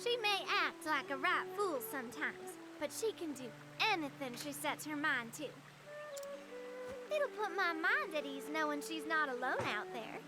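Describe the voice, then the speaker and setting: A woman's voice: high voice, expressive, normal speed. An actress voicing a kind, fussing young country girl in a game, speaking with an American Southern country accent and a folksy twang. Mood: fond scolding. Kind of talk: game voice acting. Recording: game audio over loud music.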